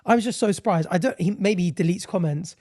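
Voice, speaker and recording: Chatty young man, mellow and dry. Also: high voice, dry recording. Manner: chatty, quick storytelling with impressions. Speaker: podcast co-host. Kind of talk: casual chat.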